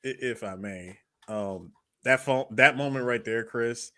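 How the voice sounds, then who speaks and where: A man's voice: medium pitch, unhurried, bright, forceful tone. A man co-hosting a podcast in casual, jokey chat, often cutting in to make a point. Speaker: podcast co-host.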